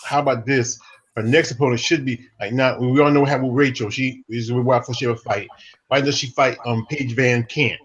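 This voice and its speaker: Man, husky voice, relaxed rambling podcast talk. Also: medium pitch, fairly quick, highs cut off. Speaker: podcast co-host. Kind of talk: casual MMA chat.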